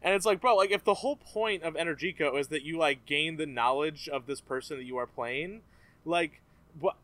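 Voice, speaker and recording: A man's voice: a little high, moderate pace. A young man co-hosting a casual movie review chat, talking animatedly with lots of "like" and frequent laughs. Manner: animated, fills with "like", laughs often. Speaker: podcast co-host.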